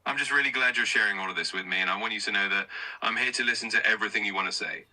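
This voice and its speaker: Quick, bright synthetic male assistant voice. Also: lowish voice, recorded from a distance, poor audio. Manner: calm, steady, affirming. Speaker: AI chatbot voice. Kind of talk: reassuring replies.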